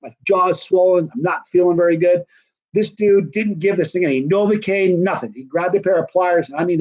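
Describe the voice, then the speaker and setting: Middle-aged man, casual rambling storyteller, slightly raised pitch, muffled lo-fi audio. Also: darkish tone, breathy edge. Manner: rambling, conversational, with many fillers. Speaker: host telling a personal story. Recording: dull lo-fi recording.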